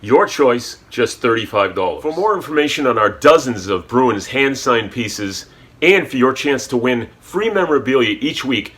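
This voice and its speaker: A man reading a sponsor ad with a brisk, salesy delivery. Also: medium pitch, lively intonation, fairly bright tone. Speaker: ad announcer. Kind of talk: read sponsor ad.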